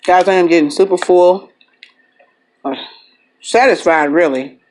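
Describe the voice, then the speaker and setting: A woman's voice: lowish voice, measured pace, darkish tone. A woman hosting an eating vlog, chatty and upbeat, humming and burping between bites. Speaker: mukbang vlogger. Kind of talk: casual eating vlog chat.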